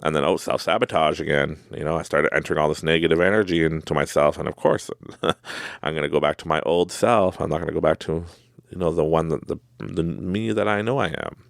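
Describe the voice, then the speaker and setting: Deep, gravelly man telling rambling stories. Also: fairly quick, dry recording, studio quality. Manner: rambling, animated, laughs often, acts out quotes in a high voice. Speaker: podcast host. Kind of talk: casual storytelling monologue.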